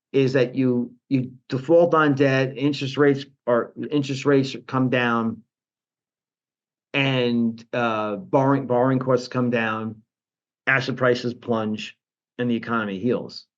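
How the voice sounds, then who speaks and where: Animated man on a dull lo-fi line. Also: medium pitch, measured pace. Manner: animated, restarts often, mocking quotes. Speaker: guest, portfolio manager. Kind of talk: financial interview.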